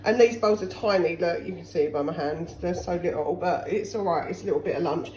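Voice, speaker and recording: Speaking briskly in a darkish tone, a middle-aged woman from England vlogs casually from her kitchen at home, rambling on while a chest infection leaves her a little out of breath. She chats to her cats in a high, sing-song way, captured on a low-quality recording.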